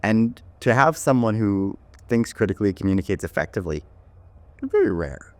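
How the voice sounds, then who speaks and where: Man, low pitch, dry sound, podcast host, thoughtful, lots of "right?". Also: very animated, normal speed, no echo. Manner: thoughtful, many "right?" tags and restarts. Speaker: podcast host and company owner. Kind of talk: casual podcast interview.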